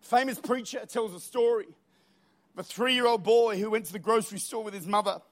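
A man preaching a sermon in a church with an Australian accent, energetic and humorous, rising to shouts at high points. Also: fairly quick. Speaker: pastor. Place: church auditorium.

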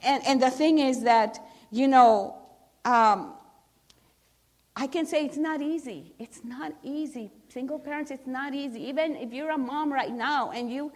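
A woman's voice: high-pitched, moderate pace. Earnest woman giving church testimony. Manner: earnest, emphatic, with frequent restarts. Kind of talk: personal testimony at a church service.

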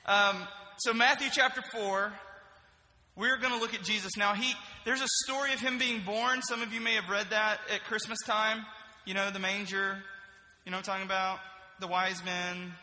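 A young man serving as a middle school pastor, giving an energetic, joking sermon and asking the group questions. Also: high voice, normal speed, long reverb tail, poor audio. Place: church youth room.

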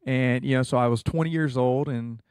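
A man's voice: medium pitch, normal speed, a little mellow, clear, resonant tone, dry recording, studio quality. A young American man in a casual interview, earnestly telling a personal story with many fillers. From United States. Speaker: guest.

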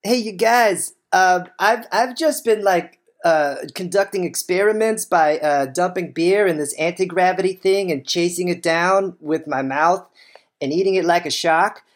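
Lower-voiced woman improvising, rambling. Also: a little slow. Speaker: comedy improviser playing a crew member. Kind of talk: improvised comedy scene.

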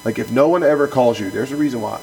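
A man's voice: mid-range voice, fast talker, vocal fry, darkish tone, soft background music, rough recording. A man who is a pastor co-hosting a podcast, reading from a book and then talking it over in an earnest, emphatic way, often restarting and repeating words.

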